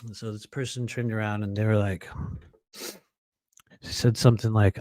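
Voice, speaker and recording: A man telling a long personal story in a casual monologue, rambling and filling pauses with "you know" and frequent laughs. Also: fairly low pitch, flat delivery, warm tone, no room sound. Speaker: podcast host telling a story.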